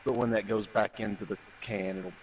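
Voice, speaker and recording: A man's voice: on the low side, steady tone, normal speed, dull audio. A man in casual chat, rambling and crude, tossing in trivia.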